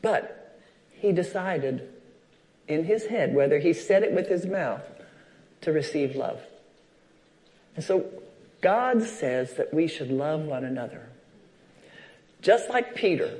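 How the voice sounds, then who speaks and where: A man's voice: high voice, darkish tone. A man preaching a sermon at a church service, telling personal stories and acting out the voices in them. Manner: storytelling, acts out quoted dialogue.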